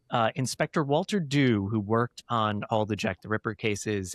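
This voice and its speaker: A man's voice: medium pitch, dry recording. Dry-voiced male podcast host. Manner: recounts cases in detail, animated, quick to laugh. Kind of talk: podcast chat, storytelling.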